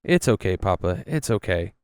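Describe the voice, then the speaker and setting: A man's voice: deep voice, expressive, moderate pace, darkish tone, smooth, no echo, clean studio sound. A man voicing a frightened eight-year-old boy with an odd foreign accent who pleads and clings. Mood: pleading.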